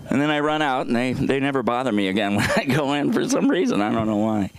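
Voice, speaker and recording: A man doing a rambling, profane stand-up set on a comedy club stage, jumping into loud high bits. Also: very animated, fast, hardly any pauses, slight background noise. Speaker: stand-up comic.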